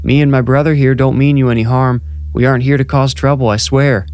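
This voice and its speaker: A man's voice: medium pitch, steady tone, a little fast, darkish tone, clear, resonant tone, pitched above the performer's own voice, natural voice. A man voicing the narrator's big easygoing younger-sounding brother, calling out in a pleading, raised voice.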